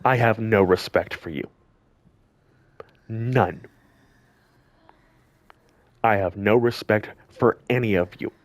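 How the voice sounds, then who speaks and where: His voice is low-ish and slow, with frequent pauses and no room sound. As a gaming channel commentator, he aims an angry, scolding rant directly at his audience, repeating lines to drive them home.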